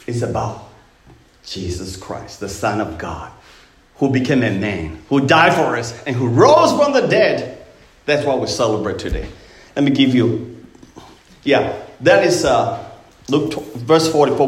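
A middle-aged man preaching an Easter sermon as pastor, emphatic, putting rhetorical questions to the congregation. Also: mid-range voice. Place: church sanctuary. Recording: roomy echoing sanctuary.

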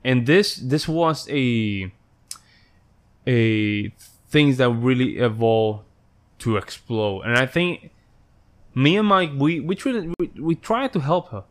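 A man in casual conversation, speaking haltingly with repeated words and brief agreements. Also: medium pitch. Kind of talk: casual chat.

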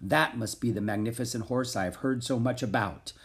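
A man reading aloud as a calm, wise older male teacher who explains things in a measured way. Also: medium pitch, natural voice.

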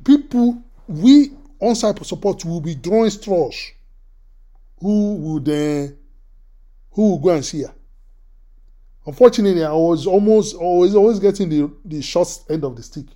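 A man preaching a sermon, telling a personal story in an animated way, often repeating his words. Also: sits high, a little slow. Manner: animated, repeats words, acts out quoted voices.

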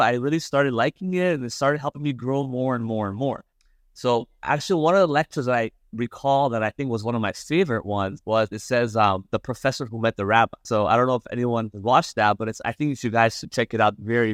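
A young man from Los Angeles, a podcast guest telling his story casually, halting with lots of fillers. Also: medium pitch, no echo, studio quality. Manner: halting, many fillers and restarts.

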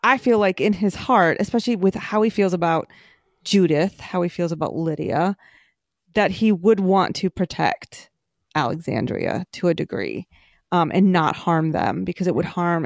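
A woman's voice: lowish voice, expressive, moderate pace, creaky, dry recording. Enthusiastic woman, dry close recording. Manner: enthusiastic, thinks aloud with fillers like "you know". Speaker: podcast co-host. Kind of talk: casual podcast discussion of a TV show.

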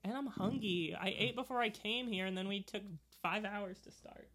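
A woman's voice: mid-range voice, normal speed, a bit bright. A woman co-hosting a casual chat while watching a movie, playful and joking, laughing often.

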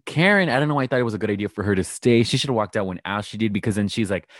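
A man co-hosting a casual chat, recapping a reality show and acting out quotes in a high mocking voice. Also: racing, few pauses, no room sound, studio quality. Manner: animated, acts out quoted lines in a high mocking voice.

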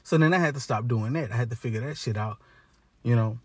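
A man's voice: mid-range voice, fast, slightly rough, no room sound. A man ranting in a casual, blunt monologue, cursing heavily and talking in slang, with lots of restarts. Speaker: monologue speaker. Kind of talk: profane casual rant.

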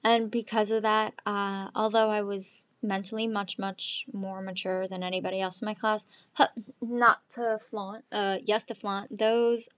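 A woman's voice: medium pitch, flat delivery, measured pace, fairly bright tone, dry recording. A woman in her twenties hosting her own show, chatting alone in a rambling, candid way with lots of ums and likes. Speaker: podcast host. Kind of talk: casual solo chat.

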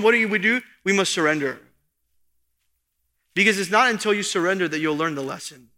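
A man's voice: high-pitched, bright, forceful tone. A man preaching an expository sermon as pastor, earnest and rising for emphasis. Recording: long hall reverb.

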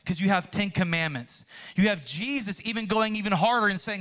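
A young male pastor with a high voice delivers an earnest sermon. He tells stories with animation and acts out little quotes along the way. His pace swings between slow, weighty phrases and quick bursts. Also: a bit bright.

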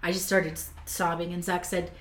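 A woman's voice: lowish voice, level tone, normal speed. A woman telling a personal story in a casual conversation, talkative and emotional, with many fillers and restarts. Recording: echoey room with faint background noise. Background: faint kitchen sounds.

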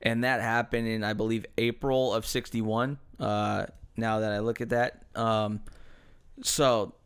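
A man's voice: fairly low pitch, steady tone, measured pace, smooth. A young American man co-hosting a podcast in casual chat, rambling and profane, with many hesitant fillers. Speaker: podcast co-host.

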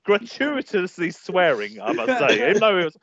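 A man co-hosting a podcast, talking in a lively, playful way and acting out silly scenes. His voice sits fairly high and swings around a lot. The sound is dry and a bit dull, like lo-fi podcast audio. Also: normal speed, no echo. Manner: animated, joking, acts out scenes. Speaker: podcast co-host. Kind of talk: casual comedic chat.

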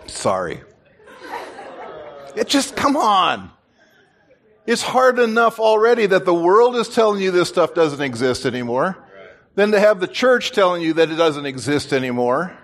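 A man, a pastor, preaching a sermon in an animated way and joking with his congregation. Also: high voice, a little slow, long pauses. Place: church.

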